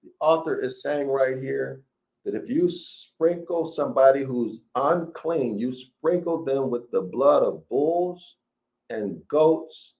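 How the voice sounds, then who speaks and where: A man lecturing, reading scripture aloud and commenting on it in an emphatic, deliberate way, calling his listeners "y'all", with a voice that is giving him trouble. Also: medium pitch. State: voice troubled, needs water. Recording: dull lo-fi recording.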